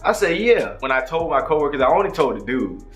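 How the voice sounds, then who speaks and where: A man's voice: fairly high pitch, fast talker. A man in a casual vlog tells a story with lots of slang and swearing, his voice swinging up and down. The room is echoey, and faint music plays underneath. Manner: animated, profane, slangy storytelling. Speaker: vlogger. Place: kitchen, cooking breakfast.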